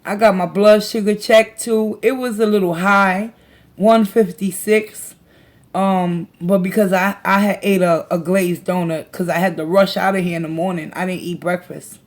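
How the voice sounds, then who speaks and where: A tarot reader hosting a casual livestream speaks in a mid-range voice with a steady tone at a moderate pace. She chats with viewers in slangy, laughing fashion, talks to the chat and reads their comments aloud.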